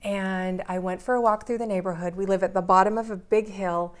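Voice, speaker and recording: A woman's voice: medium pitch, steady tone, fairly quick, clean tone. Earnest woman telling her story. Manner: earnest, vivid storytelling, building intensity. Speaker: interviewee. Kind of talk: personal story in an interview.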